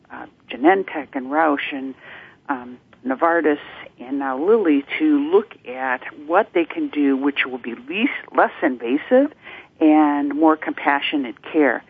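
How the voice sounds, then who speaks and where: A woman guest on a radio health show, explaining treatments in a measured, informative way. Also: deep voice, expressive, gravelly, breathy edge. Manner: informative, measured, clinical terms. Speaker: guest from a support network. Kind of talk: radio interview. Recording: tinny phone line.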